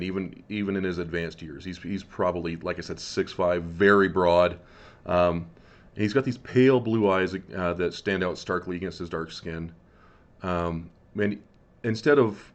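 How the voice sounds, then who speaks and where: A man narrating as game master in a relaxed, halting way with many fillers. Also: low voice, muffled recording.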